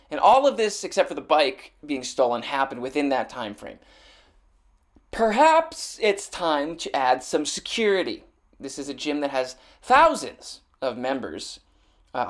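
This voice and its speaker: A young man hosting his own podcast, talking off the cuff in a loose, meandering way. He trips over his words and restarts often, and his humor runs dry and sarcastic. His voice sits at an ordinary middle pitch for a man. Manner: rambling, sardonic, frequent restarts and fillers. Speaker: podcast host. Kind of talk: casual chat.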